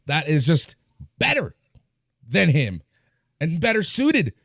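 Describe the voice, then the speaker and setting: A man co-hosting a podcast, chiming in with short remarks and quick recaps. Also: a little high, wildly swooping pitch, creaky, fairly bright tone, dry recording, clean studio sound. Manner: brief interjections and quick recaps. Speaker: podcast co-host. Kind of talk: casual wrestling chat, recapping.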